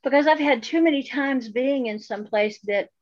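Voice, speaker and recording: A woman's voice: high voice, moderate pace, a little hiss or hum. A woman with a Southern Appalachian accent, co-hosting a casual chat, outspoken and wry about how she talks. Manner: outspoken, wry, switches to a careful presenter voice. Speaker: podcast co-host. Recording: dull lo-fi sound.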